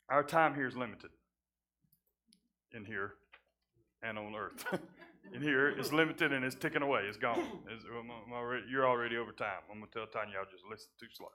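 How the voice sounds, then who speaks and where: A man preaching a sermon in a conversational way, often repeating words and dropping his voice low at times. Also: sharp tone. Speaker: pastor. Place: church sanctuary.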